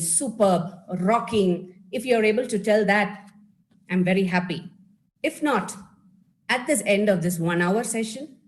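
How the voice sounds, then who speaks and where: A woman from India speaking to an online audience as a life skills trainer. Her voice sits at a middle pitch, and she talks in an encouraging way, calling her listeners friends. She is heard through a video call. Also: rough recording. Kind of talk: live webinar talk.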